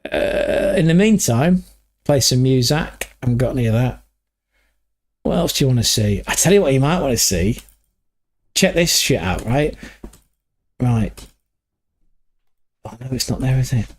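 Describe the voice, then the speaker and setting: A man's voice: medium pitch, expressive, moderate pace, pauses often, a little hiss or hum. A man from England hosting a livestream, rambling through stories in a loose, sweary, casual chat. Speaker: livestream host.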